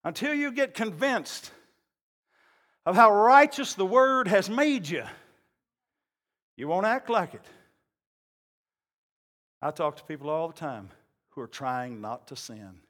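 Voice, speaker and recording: A male pastor preaching a sermon, telling folksy stories and then climbing into loud, shouted preaching. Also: high voice, expressive, takes it slowly, pauses often.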